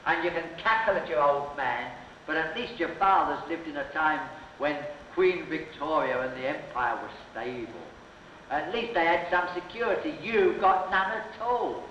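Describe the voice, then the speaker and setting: A man's voice: on the high side, normal speed, pushed and bright, a little hiss or hum. A man orating on a soapbox to an outdoor crowd, provocative and hectoring, trading jabs with hecklers. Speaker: soapbox orator. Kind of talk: open-air street oratory to a crowd. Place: outdoor speakers' corner before a crowd. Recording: dull echoey 1970s documentary sound.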